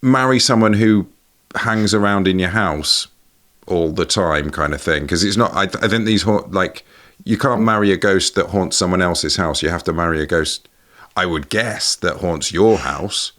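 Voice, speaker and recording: A man's voice: low voice, moderate pace, fairly bright tone. A man co-hosting a podcast, musing and rambling in casual chat. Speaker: podcast co-host.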